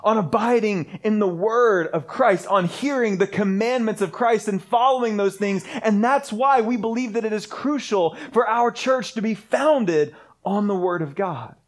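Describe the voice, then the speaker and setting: Male pastor, high voice, earnest sermon delivery with repeated rhythmic phrasing. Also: unhurried. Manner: earnest, repetitive preaching cadence.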